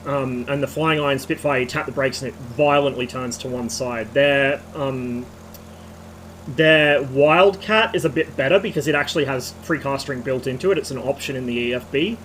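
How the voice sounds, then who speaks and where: A slightly hoarse man streaming, giving a rambling technical rant with casual swearing. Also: mid-range voice, normal speed, fairly bright tone, a little hiss or hum, poor audio.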